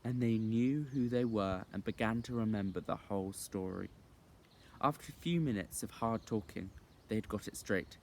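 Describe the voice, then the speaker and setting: A man reading a children's novel aloud as an expressive storyteller. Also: on the low side, normal speed, a little hiss or hum. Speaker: reader.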